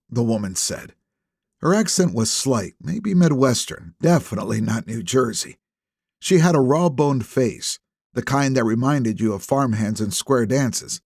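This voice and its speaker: A man narrates a crime novel as an audiobook, reading the scripted text in a steady, measured storytelling style. His voice is mid-range, and the studio sound is clean with no echo.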